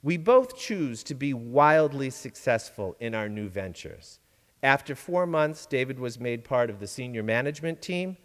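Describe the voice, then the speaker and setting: A man giving a sermon-style reflection from a church pulpit, measured and deliberate, with dramatic pauses. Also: mid-range voice, expressive, in a large hall. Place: large church sanctuary.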